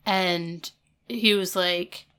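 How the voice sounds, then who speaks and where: A woman's voice: on the low side, fairly even intonation, very slow, a bit bright, smooth. A woman in her thirties, casually retelling TV scenes with lots of fillers. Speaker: podcast co-host recapping a TV episode. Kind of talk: casual chat.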